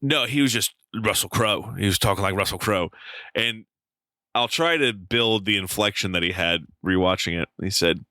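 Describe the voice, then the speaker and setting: A man co-hosting a podcast, telling an animated story in casual chat, swearing freely and using lots of fillers. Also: fairly low pitch, moderate pace, no room sound. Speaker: podcast co-host.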